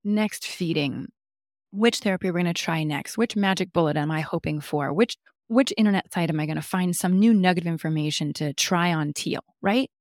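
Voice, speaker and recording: Low-pitched woman, expressive storyteller, dry close sound; interview guest. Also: fairly quick, dry recording. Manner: lively storyteller who acts out dialogue. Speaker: guest, mother of a nonverbal child. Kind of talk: casual interview talk.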